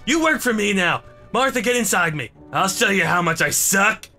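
A man giving comedic gameplay commentary, excitable and mock-serious with crude jokes. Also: sits high, moderate pace. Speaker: gaming commentator. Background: background music.

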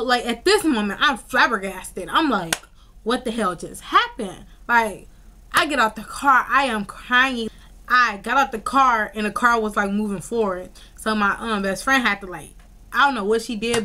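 Animated young woman telling a story. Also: on the high side, normal speed, slight background noise. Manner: animated, slangy storytelling full of "like" and "y'all". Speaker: vlogger. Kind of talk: casual storytime vlog.

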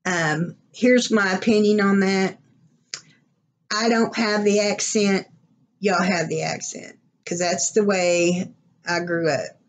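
Slow-talking Oklahoma woman. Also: medium pitch, fairly even intonation. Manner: chatty, rambling, laughs often. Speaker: vlogger. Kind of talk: casual unboxing vlog.

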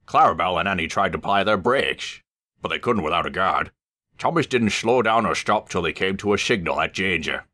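A man with a deep, bright voice reads a children's storybook aloud. His pitch swings lively and expressive. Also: brisk.

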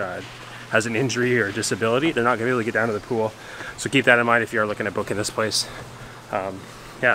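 Easygoing man vlogging over background noise. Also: lowish voice. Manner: easygoing, rambling with many fillers. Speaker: travel vlogger. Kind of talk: casual travel vlog chat. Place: outdoors at a beach restaurant and a rental condo. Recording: noisy handheld outdoor audio.

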